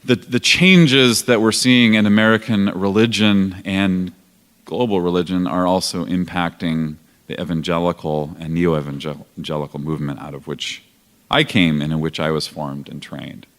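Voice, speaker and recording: Man, 40s, low voice, earnest panel speaker, big reverberant hall. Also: steady tone, normal speed, fairly bright tone. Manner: earnest, reflective, with restarts. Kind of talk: panel talk.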